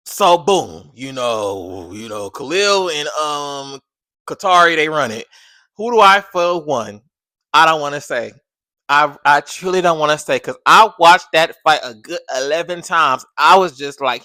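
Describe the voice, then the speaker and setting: A man reviewing a reality TV episode in a casual vlog, slangy and rambling, swinging from loud bursts to low mutters. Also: expressive, unhurried, dry recording, clean studio sound. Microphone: camera on a tripod.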